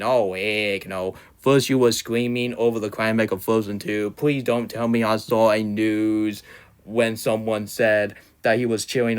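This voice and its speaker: Young man, heated fan rant, insulting, stumbling restarts, middle-pitched voice. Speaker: fan ranter. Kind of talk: unscripted ranting commentary.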